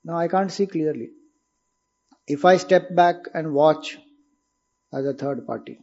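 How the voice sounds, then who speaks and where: In a highish, somewhat dark voice, a man with an Indian accent gives an unhurried spiritual discourse, the recording missing its upper frequencies. As a spiritual teacher, he explains patiently and poses rhetorical questions to listeners.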